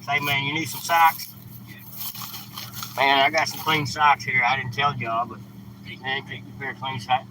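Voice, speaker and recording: A man's voice: mid-range voice, level tone, moderate pace, pauses often. A man hosting a casual live stream from his truck, talking bluntly and scolding at times. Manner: blunt, scolding, plain-spoken. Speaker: live-stream host handing out food. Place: inside a truck, by the street. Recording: traffic noise from outside. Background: car and street noise.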